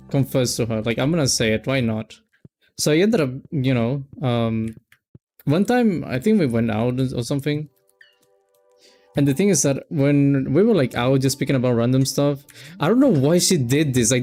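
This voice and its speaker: A man in the middle of a game stream, spinning a personal story as he plays. He rambles and cuts himself off, at a middling pitch, with faint game music underneath. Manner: rambling, self-interrupting, animated retelling. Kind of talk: casual storytelling while gaming.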